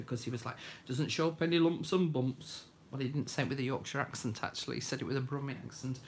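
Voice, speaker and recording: A woman's voice: sits low, slight background noise. A woman hosting a live craft demonstration, chatting homely and greeting viewers by name. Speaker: craft tutorial host.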